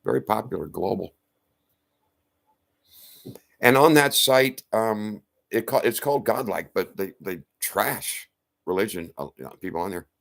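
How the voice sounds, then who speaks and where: A man's voice: on the low side, expressive, a little slow, gravelly, pauses often, a bit bright. A man ranting to camera in a profane, confrontational, rambling way. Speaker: vlogger.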